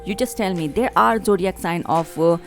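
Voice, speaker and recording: A woman's voice: fairly low pitch, moderate pace, soft background music. Fervent Indian-accented woman preaching. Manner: fervent, preachy, with repeated phrases and fillers. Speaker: tarot reader and channel host. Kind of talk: spiritual monologue to camera.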